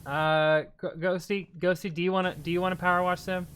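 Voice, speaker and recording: A man streaming live, chatting casually and bantering excitably with his chat, sometimes yelling in mock outrage. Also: sits high, brisk, a little hiss or hum.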